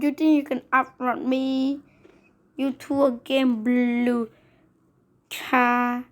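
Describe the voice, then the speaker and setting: High-pitched woman gamer, slow talking, teasing the other cars. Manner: playful, bossy trash talk and sung racing noises. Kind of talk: game commentary.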